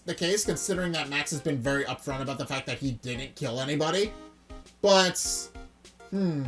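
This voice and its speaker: Low-voiced woman musing over a game. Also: fairly bright tone. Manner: musing, thinking aloud with restarts. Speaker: let's play host. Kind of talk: game commentary.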